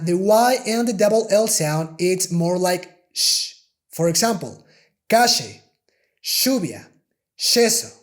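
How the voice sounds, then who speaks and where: A man's voice: high voice, darkish tone. A man with a Spanish accent whose first language is Spanish teaches a pronunciation lesson in English. He explains patiently and repeats example words again and again to show each sound.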